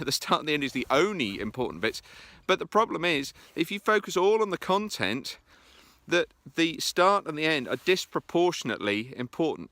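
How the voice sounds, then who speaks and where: A man's voice: fairly high pitch, pushed and bright, dry recording. A man talking casually to camera as he walks outdoors in the countryside, coaching on presentations with a chatty, self-deprecating manner. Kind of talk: casual walking vlog.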